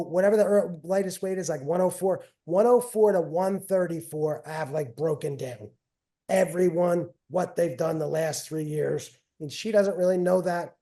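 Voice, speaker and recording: Middle-aged New man, warm, slightly high voice, loose rambling storyteller who repeats himself. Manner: rambling, repeats phrases, trails off. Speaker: guest, wrestling coach and father. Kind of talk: casual storytelling.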